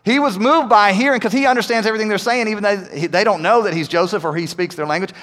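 A man with a notably high-pitched voice delivers a conversational sermon, tossing in frequent "right?" asides and swinging between hushed and emphatic stretches. He is heard in a church sanctuary with a long, lingering hall reverb. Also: fast. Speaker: pastor.

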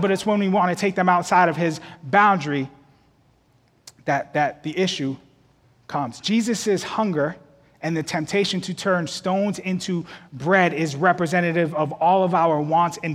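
A man's voice: high voice, moderate pace, a bit bright, long reverb tail. A man preaching a sermon as pastor of a church, repeating words as he builds toward emphatic peaks.

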